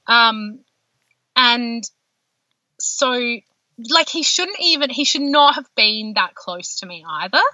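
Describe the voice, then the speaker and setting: A woman, a podcast guest telling her personal birth story in an animated way, full of fillers. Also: a little high, slow pace, pauses often, dry recording. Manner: animated, heavy use of filler words. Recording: dull lo-fi dry sound.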